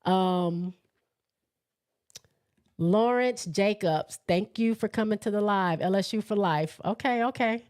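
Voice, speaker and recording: This live sports show host has a smooth, medium-pitched voice and takes her time, pausing often. Excitable and chatty, she laughs a lot while reading out viewer comments in a casual chat.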